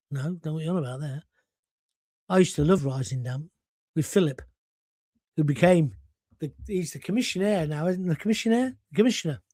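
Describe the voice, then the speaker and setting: A man's voice: high voice, no echo. An older man hosting a casual live stream, chatting bluntly and cheekily while reading out viewer comments.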